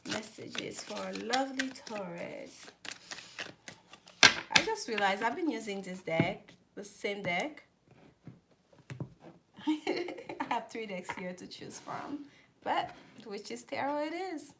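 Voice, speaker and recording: A woman's voice: fairly high pitch, expressive, slow, pauses often, background noise. A woman giving a live tarot reading, chatting with viewers and often repeating herself. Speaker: tarot reader.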